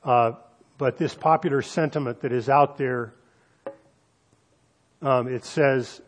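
A male pastor delivering a sermon in a medium-pitched voice. He drags out the phrases he wants to land, then moves on in a conversational tone. He speaks straight to his listeners with asides and questions. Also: fairly even intonation. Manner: emphatic preaching with slowed, stressed phrases and audience asides.

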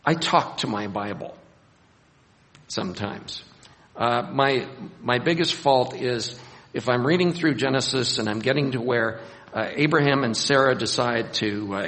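A man preaching a Bible sermon, animated, acting out scenes and raising his voice for emphasis. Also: mid-range voice, creaky. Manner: animated, acts out scenes with rising voice. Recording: long hall reverb.

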